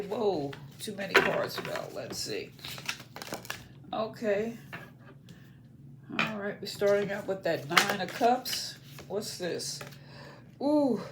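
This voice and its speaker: A tarot reader talking through a card spread at an unhurried, slow pace. The voice muses aloud in short, loose phrases and often stops to check in with listeners. A faint noise sits behind it. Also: medium pitch. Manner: musing, checks in with listeners by asking "okay?"; talks in short loose phrases with many fillers. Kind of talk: casual spoken tarot reading.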